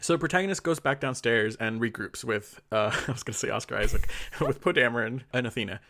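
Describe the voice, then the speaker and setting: A man's voice: mid-range voice, quick pace, bright, forceful tone. A man co-hosting a podcast, casually recapping a story with laughter and acting out the characters' lines. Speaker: podcast co-host.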